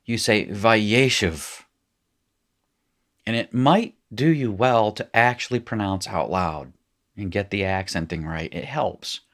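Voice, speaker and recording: A man with a fairly low voice talks through a recorded lesson. He explains casually and fills gaps with "um". He often stops to correct or rephrase himself. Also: moderate pace. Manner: chatty, self-correcting explanations with frequent fillers. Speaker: Hebrew teacher. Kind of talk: recorded screen-share lesson.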